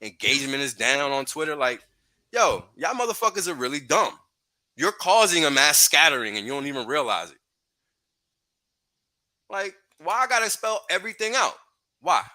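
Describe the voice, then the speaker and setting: A man's voice: fairly high pitch, sing-song, normal speed, pauses often, pushed and bright. A man hosting a livestream, ranting profanely and heatedly with frequent laughs. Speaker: podcast host.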